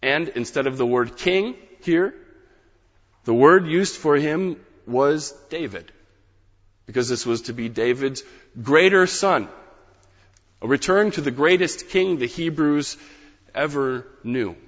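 A man preaching a sermon, emphatic, rising on key phrases and dropping to quiet asides. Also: on the high side, lively intonation, slow, pauses often. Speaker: pastor. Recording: dull reverberant hall sound.

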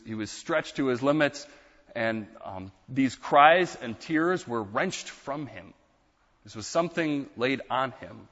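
A man's voice: medium pitch, fairly bright tone. Man preaching in a reverberant hall. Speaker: pastor. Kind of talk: sermon. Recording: muffled sound with long hall reverb.

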